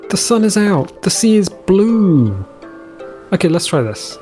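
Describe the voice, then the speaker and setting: A man's voice: sits high, very animated, a little slow, dark tone, faint music behind. Chatty man narrating a survival game. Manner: chatty, easily delighted, trails off mid-sentence. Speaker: let's play host. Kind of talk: casual gameplay commentary.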